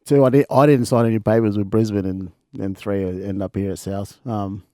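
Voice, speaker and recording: An Australian man in his thirties, co-hosting a podcast, telling stories in a relaxed way with frequent laughs and restarts. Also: on the low side, a little fast, no echo, studio quality. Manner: laid-back, laughs often, many restarts. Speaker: podcast co-host, former player. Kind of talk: casual storytelling chat.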